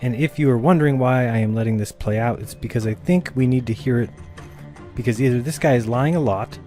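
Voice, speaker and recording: A man's voice: medium pitch, a little fast, mellow, soft background music. A man giving dry, wry voice-over commentary between clips. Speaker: channel host commenting on a clip.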